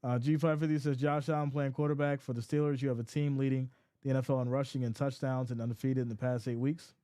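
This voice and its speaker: A man hosting a casual live sports reaction stream, reading chat comments aloud in a playful, animated way. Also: mid-range voice, fast, clear, resonant tone, dry recording. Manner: animated and playful, often laughs.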